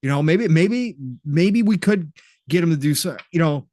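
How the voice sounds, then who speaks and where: A male podcast host in animated, profane casual chat, reading viewer comments. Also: a little high, dry recording, studio quality. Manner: animated, profane, quick to laugh.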